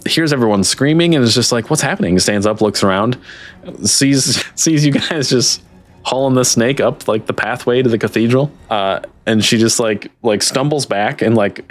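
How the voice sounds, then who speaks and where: A man narrating a tabletop game as game master, loose and chatty with many fillers. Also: on the low side.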